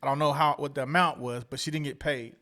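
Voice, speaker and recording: A man's voice: medium pitch, steady tone, quick pace, bright, forceful tone. A man from Atlanta, co-hosting a casual podcast and recounting news with many hesitant "um"s. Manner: recounts a story with many "um"s and "I guess"es. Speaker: podcast co-host.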